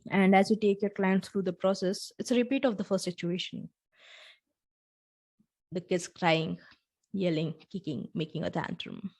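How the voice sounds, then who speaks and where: A woman's voice: mid-range voice, steady tone, normal speed, long pauses, darkish tone. A young adult woman hosting a solo podcast. She talks earnestly and straight to the listener, acting out small dialogues as she tells a story. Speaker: podcast host.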